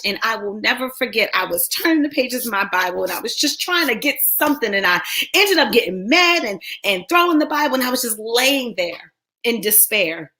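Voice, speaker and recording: A woman's voice: a little high, very animated, moderate pace, sharp tone. A woman in her thirties, a radio show host, telling her own faith story in an earnest, heartfelt way and often checking in with "right?". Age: 30s. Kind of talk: personal faith testimony.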